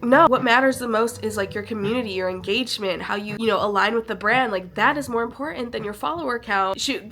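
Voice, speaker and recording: A woman's voice: fairly high pitch, fairly bright tone. A young woman from Chicago, chatting casually and sentimentally to camera in a vlog, full of fillers. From Chicago, USA. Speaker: vlogger.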